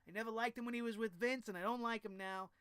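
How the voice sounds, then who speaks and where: Smooth-voiced, profane ranting wrestling reviewer man. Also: high-pitched, steady tone, fast talker, fairly bright tone, no echo, clean studio sound. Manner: profane, exasperated, sarcastic. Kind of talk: casual ranting recap.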